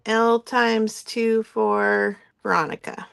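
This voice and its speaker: A woman's voice: a little high, steady tone, takes it slowly, gravelly, clear, resonant tone. A woman hosting a live craft-supply sale, chatting casually with ums and frequent laughs. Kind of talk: live-stream sales chat.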